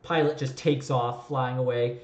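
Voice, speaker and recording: A man's voice: mid-range voice, steady tone, a little slow, darkish tone, reverberant, lo-fi sound. A man running a tabletop game as game master, narrating in a loose, rambling way.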